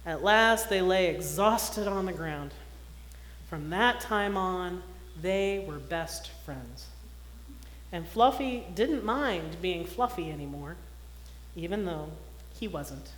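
Speaking slowly in a fairly low voice, a woman minister at a church service gives an expressive reading of a children's story, then delivers announcements plainly. It was recorded in the sanctuary, a roomy hall with faint noise.

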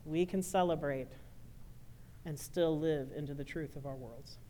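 A woman minister ending a sermon and then guiding her congregation through a bread communion in a relaxed, friendly way. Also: sits low, measured pace, slight background noise. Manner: warm, informal, directing a congregation. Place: church sanctuary.

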